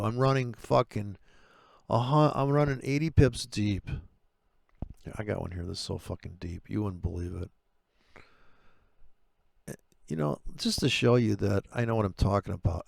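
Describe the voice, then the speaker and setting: Man, low and gravelly, exasperated trader swearing at his screen, pitch spiking when riled. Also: a little mellow, dry recording, clean studio sound. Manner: foul-mouthed, sarcastic, exasperated; voice jumps far higher when he gets worked up. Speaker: forex trader testing trading robots. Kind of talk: profane ranting commentary over chart playback.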